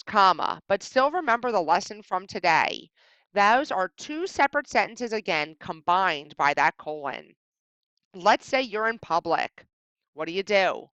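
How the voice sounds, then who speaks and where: A woman teacher narrating a recorded slideshow lesson, speaking expressively and pausing clearly at each punctuation mark. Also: mid-range voice, dry recording, lo-fi sound. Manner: expressive, exaggerated pauses at punctuation. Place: indoors at home.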